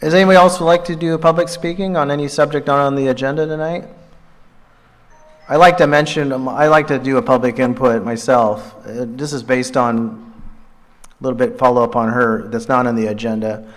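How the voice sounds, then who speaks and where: Brief: mid-pitched man running a town meeting, halting delivery, long reverb in the hall. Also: steady tone. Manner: informal, halting, with many fillers. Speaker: meeting chair. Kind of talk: chairing a public meeting.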